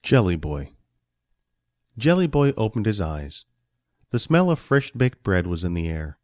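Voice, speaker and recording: A man reading a children's story aloud with expressive storytelling. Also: lowish voice, unhurried. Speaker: narrator.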